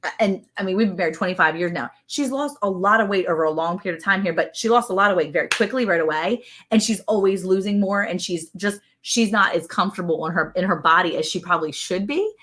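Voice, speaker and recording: A woman in her forties with a Southern US accent, co-hosting a casual livestream, telling an animated story and greeting viewers by name. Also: lowish voice, fast talker, hardly any pauses. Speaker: livestream co-host.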